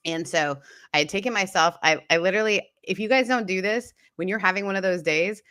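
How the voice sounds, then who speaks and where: A woman from Canada telling a personal story in casual chat on a live stream, candid and animated, acting out the people she quotes. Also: medium pitch, a little fast, no room sound, studio quality. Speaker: co-host.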